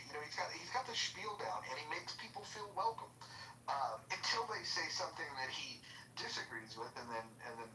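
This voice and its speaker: A man's voice: fairly high pitch, animated, fairly quick, pushed and bright. A man hosting a live debate room in casual chat, hesitant and full of fillers and restarts. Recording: roomy, distant, faint noise.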